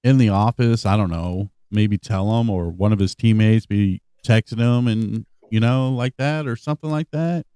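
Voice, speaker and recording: A man's voice: fairly low pitch, moderate pace, hardly any pauses, clean tone, dry recording. A man co-hosting a sports podcast, chatting casually and animatedly and playing clips. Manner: animated, laughing, plays clips. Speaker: podcast co-host.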